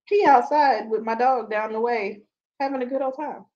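A blunt woman co-host who swears freely and fires back quick reactions in a relaxed conversation. Her voice comes through a little dull and muffled. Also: fairly high pitch. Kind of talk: casual chat. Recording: slightly dull audio.

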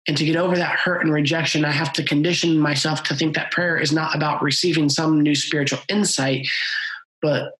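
A man's voice: a little high, steady tone, a little fast, fairly bright tone, rough recording. A man hosting a podcast interview, talking in an earnest, reflective way. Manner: earnest, reflective, sometimes playful. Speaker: podcast host. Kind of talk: conversational interview.

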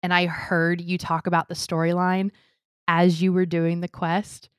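A young adult woman co-hosting a casual podcast, chatty and animated, telling stories with quoted voices. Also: fairly low pitch, measured pace, clean tone, no room sound, studio quality. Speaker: podcast co-host. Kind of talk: casual chat.

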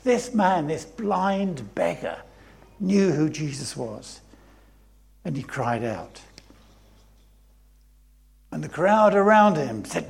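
Pastor preaching in church, slow and emphatic, bit high voice. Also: male voice, big pitch swings, creaky. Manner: storytelling preaching, reads scripture aloud, repeats phrases for emphasis. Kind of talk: sermon.

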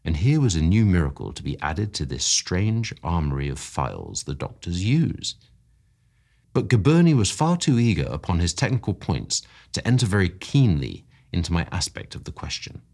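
A man reading a classic story aloud in a measured, expressive narration. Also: low-pitched, creaky. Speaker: story reader. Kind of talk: audiobook narration.

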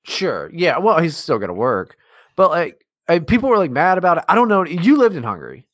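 A man's voice: a little high, wildly swooping pitch, a little fast, a bit bright. A man co-hosting a podcast, talking in casual, profane, mocking banter. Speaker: podcast co-host.

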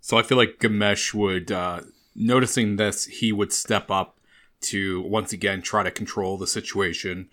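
Low-voiced male player, slightly distant. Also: steady tone, unhurried, sharp tone. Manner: thinking aloud, hesitant. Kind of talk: tabletop play.

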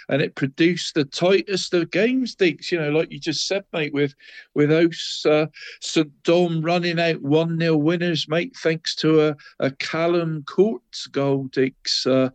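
A man with a slightly high voice chats loosely through football results, nasal and bunged up from a cold. He keeps looping back with "mate" and little tag questions. The sound is close and dry. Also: steady tone, unhurried, dry recording. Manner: rambling, says "mate" and "Deeks" constantly. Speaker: co-host, local football roundup. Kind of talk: casual radio chat.

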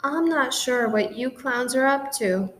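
A woman's voice: high-pitched, a little slow, a little hiss or hum. A woman voicing a mean, grumpy male pound supervisor in a storybook reading. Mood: grumbling. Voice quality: gruff, threatening.

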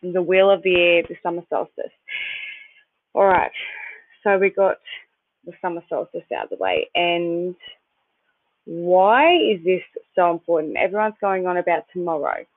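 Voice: medium pitch, lively intonation, normal speed, pauses often, no room sound. Rambling chatty host on a tinny line. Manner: rambling, chatty, loses track and restarts; occasional swearing. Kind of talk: casual spiritual talk. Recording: dry, tinny phone-like sound.

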